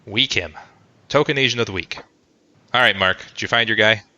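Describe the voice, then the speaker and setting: A man's voice: fairly low pitch, fast talker, pushed and bright, dry recording. A man hosting a casual sports podcast, joking and rambling with lots of fillers. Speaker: podcast host. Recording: dull lo-fi sound.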